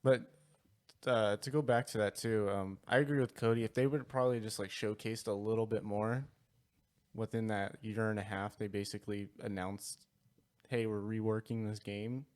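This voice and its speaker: A man's voice: lowish voice, steady tone, normal speed, a little mellow. A man co-hosting a gaming podcast in casual chat, rambling with many fillers and restarts. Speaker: podcast co-host.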